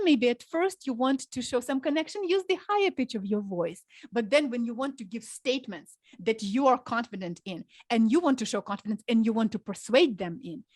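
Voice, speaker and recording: A woman's voice: on the high side, darkish tone, no echo. A woman public speaking coach, a podcast guest, giving earnest, practical advice and demonstrating tone of voice. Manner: earnest, instructive, demonstrates vocal inflection.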